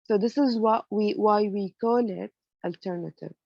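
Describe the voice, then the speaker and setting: A woman's voice: medium pitch, moderate pace, creaky, no echo, dull audio. Woman teaching English grammar. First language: Arabic. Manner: explains in English mixed with Arabic, many fillers. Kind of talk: online lecture.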